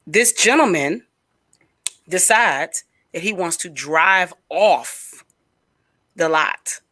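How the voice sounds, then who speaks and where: A woman on a radio talk show, telling a long story in casual chat, rambling and animated with plenty of fillers. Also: sits low, no room sound.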